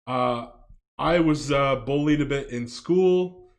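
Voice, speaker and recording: A man's voice: medium pitch, slow, vocal fry. A man from Canada giving loose, casual commentary for his video, full of fillers and restarts, with some swearing.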